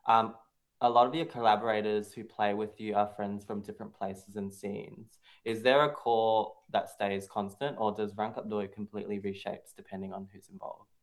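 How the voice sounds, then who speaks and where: Relaxed man asking interview questions. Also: fairly low pitch, moderate pace. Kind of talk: casual interview.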